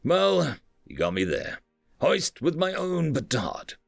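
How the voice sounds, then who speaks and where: A wry, breezy male voice from another ship cracks casual jokes, as a male narrator puts him on. The voice sits above the narration and bounces lively between high and low. The recording is dry and close, with faint music underneath. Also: takes it slowly, gravelly, no room sound, exaggerated voice. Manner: breezy, wisecracking.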